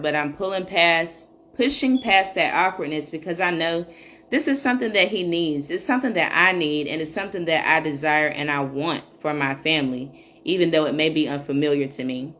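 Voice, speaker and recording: A woman with a notably low, deep speaking voice hosts a casual solo podcast. She talks in a chatty, candid, unscripted way, often pausing on an "um" as she thinks. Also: fairly bright tone, slight background noise. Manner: chatty and candid, frequent um fillers. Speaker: podcast host.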